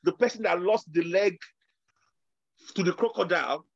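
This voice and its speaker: A man's voice: sits high, moderate pace, gravelly, no echo, muffled recording. A man co-hosting a podcast, telling stories in a casual motivational chat and laughing easily. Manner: animated storytelling, laughs easily. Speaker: podcast co-host.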